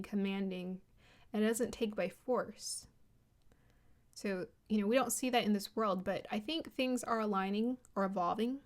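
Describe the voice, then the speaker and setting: A woman giving a casual spoken card reading to her viewers. She talks in a gentle, flowing, spiritual way and laughs softly now and then. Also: mid-range voice. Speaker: tarot card reader.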